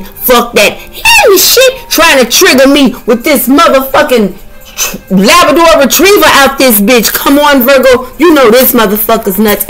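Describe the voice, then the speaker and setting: Over poor audio, a woman with a slightly high voice gives a brash, comedic tarot reading. She's animated and profane, swearing constantly and trash-talking with colorful insults.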